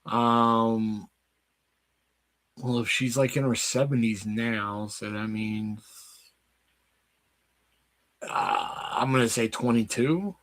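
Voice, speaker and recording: A man's voice: mid-range voice, fairly even intonation, slow, pauses often, a bit bright. A man hosting a casual trivia night stream, joking and swearing freely with friends. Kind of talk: casual chat over a trivia game.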